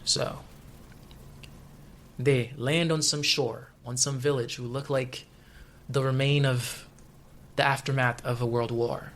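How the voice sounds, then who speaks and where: Joking, animated young male podcaster. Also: medium pitch, takes it slowly, long pauses, slight background noise. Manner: joking, animated, laughs often. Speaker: podcast co-host. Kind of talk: casual chat.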